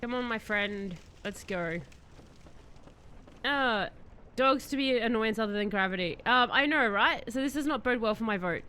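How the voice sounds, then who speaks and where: Excitable high bright-voiced woman streamer. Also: normal speed, clear, resonant tone. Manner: chatty, excitable, reads chat aloud. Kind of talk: live-stream gameplay chat.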